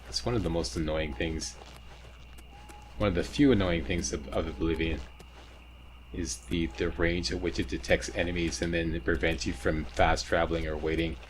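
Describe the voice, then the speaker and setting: A man's voice: low-pitched, fairly even intonation, normal speed. A man hosting a video game walkthrough, chatty and joking as he explains each step. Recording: faint ambient noise, sirens nearby.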